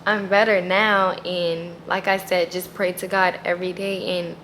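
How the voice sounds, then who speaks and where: A woman's voice: on the low side, little pitch movement, unhurried, a bit bright, slight background noise. Earnest woman vlogger gushing about faith. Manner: earnest and emphatic, full of "like". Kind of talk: casual faith vlog talk.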